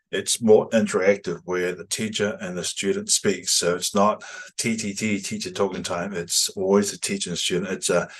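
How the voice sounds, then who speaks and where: Husky man pitching a language course. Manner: animated, rhetorical "right?" tags.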